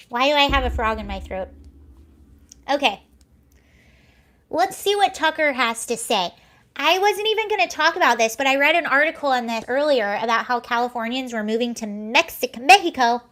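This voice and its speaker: High-voiced chatty woman streaming. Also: expressive, moderate pace, long pauses, fairly bright tone. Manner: chatty, rambling, self-correcting. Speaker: livestream host. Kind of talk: casual livestream commentary.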